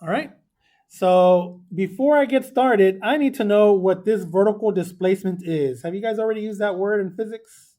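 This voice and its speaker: A mellow, high-sitting male voice belongs to a math teacher giving a chatty lesson in a classroom with students. He often quizzes the class and drifts onto tangents, and the lesson is being recorded for video.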